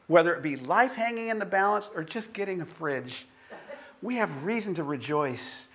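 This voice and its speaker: Animated, bright-voiced male pastor. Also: a little high, normal speed, slight background noise. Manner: animated storytelling with laughs, then hushed prayer. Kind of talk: sermon with personal story and closing prayer.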